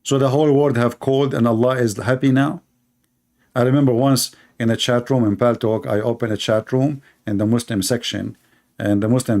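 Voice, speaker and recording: A man's voice: medium pitch, mellow. A man giving a sarcastic, mocking religious polemic in non-native English. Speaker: religious debater. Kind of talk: polemical monologue.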